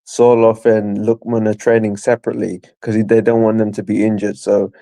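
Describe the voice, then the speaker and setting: A man with a mellow, relaxed voice talks football on a call-in stream. The sound is dry and close, and he comes across as incredulous while he laughs along with the host. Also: fairly low pitch, a little fast, vocal fry, no echo. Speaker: guest. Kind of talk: casual football chat call.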